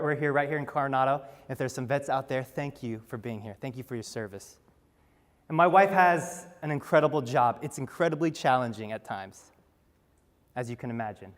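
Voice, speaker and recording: A man's voice: mid-range voice, big-room sound. A man giving a talk on stage, telling stories earnestly and asking the audience rhetorical questions. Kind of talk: storytelling talk.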